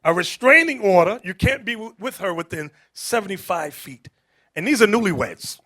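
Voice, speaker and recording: A man teaching a Bible class, preaching emphatically, calling out to the room and rising to shouts, with casual street-style asides. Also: high voice, moderate pace. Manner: animated and emphatic, calls out to the room, rises to shouting.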